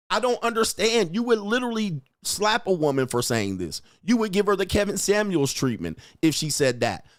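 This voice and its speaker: A man's voice: sits high, huge pitch swings, unhurried, pauses often, dry recording, clean studio sound. A young man hosting a livestream, ranting at his chat in a profane, mocking, confrontational way and laughing often. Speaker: streamer host. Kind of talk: livestream rant reading chat.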